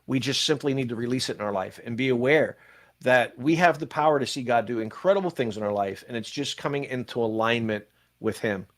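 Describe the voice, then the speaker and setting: A pastor and podcast host, an older man, talks casually on a church podcast, telling stories in a mid-range voice and speaking in lively bursts of speed.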